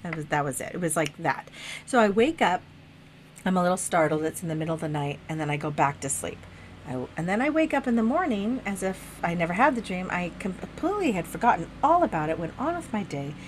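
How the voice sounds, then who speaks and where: A woman casually telling a vivid dream story in a chat, animated, swearing freely and laughing as she goes. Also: fairly low pitch, brisk, slight background noise. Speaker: guest sharing a dream.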